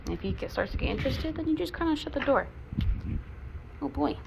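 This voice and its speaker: A woman dog trainer explaining training at home in a chatty way, bursting into high-pitched praise for her dog. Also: big pitch swings, a little fast, creaky, background noise. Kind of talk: casual instructional video. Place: home, indoors. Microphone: camera mic.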